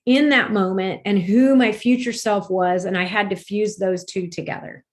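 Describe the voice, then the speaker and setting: A woman's voice: medium pitch, steady tone, normal speed. A woman guest in a spiritual conversation, telling personal stories earnestly and rambling with restarts.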